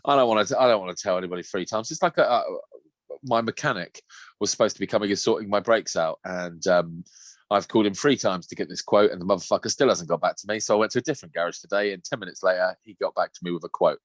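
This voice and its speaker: A man's voice: deep voice, fast, no room sound. A man, co-hosting a podcast, chatting casually and telling sweary, laughing stories. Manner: sweary, laughing, animated storytelling. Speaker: podcast co-host. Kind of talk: casual chat.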